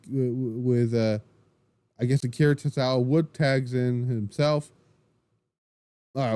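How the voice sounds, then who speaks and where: A man hosting a wrestling podcast, recapping the show in an excitable, rambling way, full of restarts and swearing. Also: fairly high pitch, dry recording. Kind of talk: casual solo recap.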